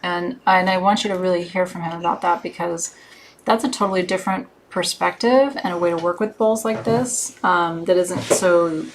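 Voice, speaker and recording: A woman's voice: medium pitch, fairly bright tone, slight background noise. A woman hosting a live crystal shopping show, chatting in a gushing way with many fillers. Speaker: host selling crystals.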